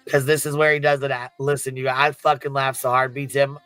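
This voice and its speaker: Male streamer, mid-pitched, close dry mic, profane laughing storyteller. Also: level tone, a little fast, fairly bright tone, smooth, no echo, soft background music. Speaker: streamer reacting to clips. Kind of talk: casual profane chat.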